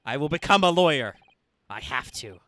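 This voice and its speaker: A man's voice: mid-range voice, fairly quick, sharp tone, dry recording, natural voice. A man reading the part of an earnest young man pleading to become a lawyer, in a determined, heartfelt way. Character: earnest young male law student. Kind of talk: reading game dialogue aloud.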